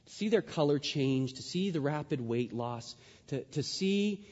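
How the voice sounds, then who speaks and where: A man preaching a sermon in a church, swinging from hushed, drawn-out words to loud, rising passages. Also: a little high, expressive. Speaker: pastor. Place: church sanctuary. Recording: dull sound with long hall reverb.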